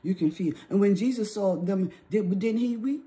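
A woman teaching the Bible in an informal sermon, often checking in with "okay?" and slowing down to read scripture aloud. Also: mid-range voice, mellow. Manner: repeats "okay?" often, exhorting; reads scripture aloud in slower measured pace.

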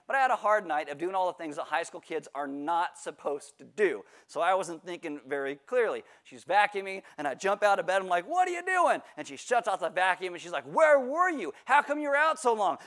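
A man's voice: a little high, a bit bright. A male pastor giving a sermon, telling a self-mocking personal story in a joking way. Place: church livestream.

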